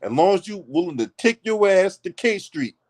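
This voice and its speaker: Foul-mouthed man ranting on politics, higher voice. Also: big pitch swings, normal speed, darkish tone. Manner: blunt, mocking, swears constantly. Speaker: political commentary host. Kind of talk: profane heated commentary rant.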